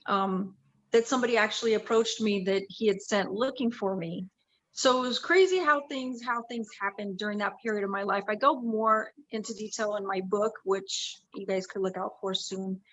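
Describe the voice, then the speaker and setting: A woman's voice: mid-range voice, normal speed, fairly bright tone, low-quality recording. A woman in her fifties from the Los Angeles area telling her life story in a chatty way, often correcting herself. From Los Angeles area, USA. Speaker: interview guest. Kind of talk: casual interview storytelling.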